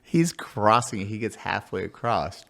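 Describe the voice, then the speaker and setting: A man who served in the army tells basic training stories in a casual, crude and animated way. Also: fairly low pitch, measured pace, creaky. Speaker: army veteran telling stories. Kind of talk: casual podcast storytelling.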